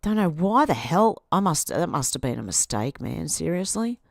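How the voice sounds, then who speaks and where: A woman's voice: low voice, very animated, normal speed, vocal fry, no room sound, studio quality. An Australian woman hosting a livestream, reading social media posts aloud and answering them with sarcastic asides. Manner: sarcastic, talks back at posts. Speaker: livestream host.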